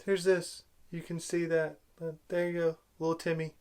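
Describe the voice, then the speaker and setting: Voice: mid-range voice, monotone, moderate pace, a little mellow, smooth. A vlogger giving an angry film-review rant, sarcastic and exasperated, full of rhetorical questions.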